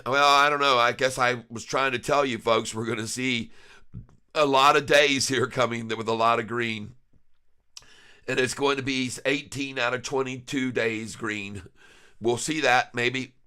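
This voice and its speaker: Bright, excitable man hyping stocks. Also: medium pitch. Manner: excitable, laughs often, rhyming hype riffs. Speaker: stock trading vlogger. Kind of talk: live market commentary.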